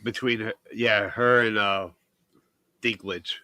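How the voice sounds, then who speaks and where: A man's voice: fairly low pitch, fairly even intonation, slow pace, bright, forceful tone. A man in a casual chat with friends who cuts in with contrary points.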